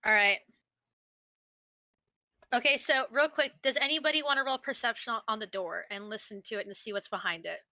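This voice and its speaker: Bright, dry-voiced woman running the game. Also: on the high side, a little fast, long pauses, no room sound. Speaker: dungeon master. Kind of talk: running a tabletop game over voice chat.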